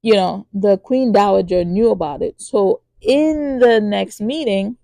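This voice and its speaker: A woman hosting a podcast who recaps a TV drama in a casual, animated way, with lots of fillers and acted-out lines. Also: a little slow, vocal fry, dry recording. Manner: acts out characters' lines in high voices. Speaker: podcast host reviewing a TV drama.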